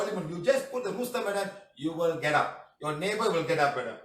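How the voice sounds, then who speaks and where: Jokey, high-voiced man with a Malaysian accent. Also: lively intonation, fast, a bit bright. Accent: Malaysian English. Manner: jokey, chatty, repeats "madam" and "huh", laughs often. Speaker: healing teacher answering testimonials. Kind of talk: casual live class talk, reading out messages. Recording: echoey room, voice somewhat far from the mic.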